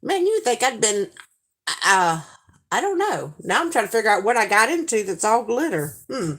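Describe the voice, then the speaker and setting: A woman in her forties with a Southern accent, chatting casually with viewers on a livestream and telling stories in a lively, animated way. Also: on the high side, normal speed. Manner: chatty, animated storytelling with frequent laughs. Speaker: livestream host.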